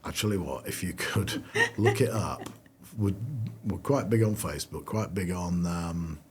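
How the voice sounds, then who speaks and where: A middle-aged company founder rambles through his story in a relaxed interview. His voice is very low, and he trips over restarts and fillers as he goes. A faint ambient hiss sits underneath. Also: a little slow. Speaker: founder of a clothing brand; guest. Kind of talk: casual interview chat.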